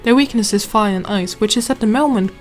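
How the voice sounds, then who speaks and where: A woman's voice: medium pitch, brisk. A woman hosting a let's play, talking casually over her gameplay in chatty, rambling asides that she often restarts. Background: game music and sound.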